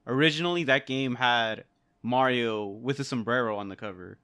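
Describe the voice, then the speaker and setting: A man's voice: mid-range voice, normal speed, fairly bright tone, clean tone. A man co-hosting a casual podcast, emphatic and slangy, swearing freely. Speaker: podcast co-host. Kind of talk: casual chat.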